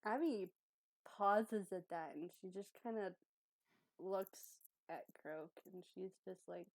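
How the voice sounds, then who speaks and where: A woman playing a tabletop role-playing game, narrating her character's actions and voicing her lines in bursts, halting and laughing often. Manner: giggly, halting, speaks her character's lines in a high excited voice. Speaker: player.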